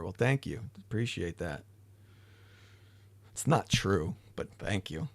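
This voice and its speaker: Tired guy rambling on a livestream, deep gravelly voice, dry sound. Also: big pitch swings, takes it slowly, no echo. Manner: rambling, tired, swears casually. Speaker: livestream host. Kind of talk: casual chat reading live chat.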